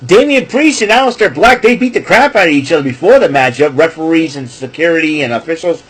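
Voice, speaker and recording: Husky-voiced man rambling through a recap. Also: a little high, fast talker, rough recording. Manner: excitable, self-correcting, chatty asides. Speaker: wrestling recap vlogger. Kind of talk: casual rambling show recap.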